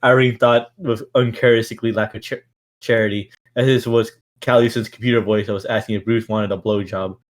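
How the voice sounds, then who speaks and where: A man's voice: lowish voice, flat delivery, fast talker. A man reading a novel aloud on a stream in a casual way, with stumbles, restarts and stifled laughs.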